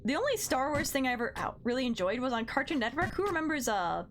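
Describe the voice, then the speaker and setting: A young woman streamer with a high voice that leaps all over the place. She chats bubbly and playful with her viewers and counts out her jumps aloud. A faint hiss sits under her voice. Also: big pitch swings, fast talker, hardly any pauses. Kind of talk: casual live game-stream chat.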